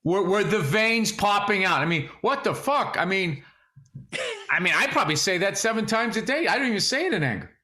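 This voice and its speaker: Bright, profane comedian man. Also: high voice, lively intonation, fairly quick, echoey room. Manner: profane, joking, ribbing his co-host. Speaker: podcast co-host. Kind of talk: casual comedic chat.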